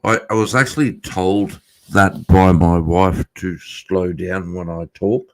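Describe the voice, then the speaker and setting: Man, Australian accent, fast talker, swears a lot, lowish pitch, casual chat. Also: steady tone, no room sound. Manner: fast-talking, swears freely.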